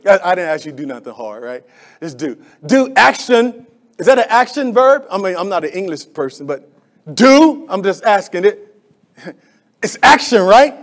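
A man with a notably high voice delivers a sermon as a pastor. He swings between loud, emphatic calls and quieter asides. He often asks the congregation to answer back. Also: very animated, normal speed.

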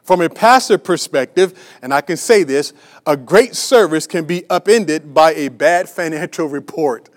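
Preaching at a moderate pace, a pastor with a very high voice addresses his congregation with emphatic repetition. His sermon is peppered with restarts, fillers and rhetorical questions for the church.

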